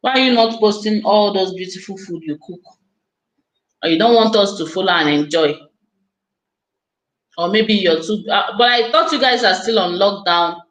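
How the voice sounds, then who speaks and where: A woman's voice: medium pitch, normal speed, long pauses, fairly bright tone, roomy sound, low-quality recording. A woman hosting a casual live stream, chatting effusively and speaking straight to her viewers.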